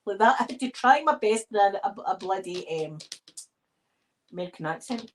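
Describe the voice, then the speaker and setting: A woman's voice: medium pitch, animated, moderate pace, pauses often, a little hiss or hum. A Scottish woman talks in an easy, meandering way, drifting from one story to the next. Her tone is casual, as though she is chatting while busy with her hands. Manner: rambling, digressive storytelling. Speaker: ASMR video creator. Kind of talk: casual chat while decorating a tree.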